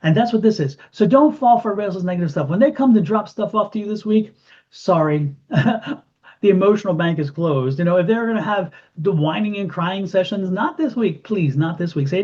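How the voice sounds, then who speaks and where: A man giving an intuitive tarot reading to camera, animated and repeating phrases for emphasis. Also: sits high, moderate pace. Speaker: tarot reader. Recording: dull lo-fi sound.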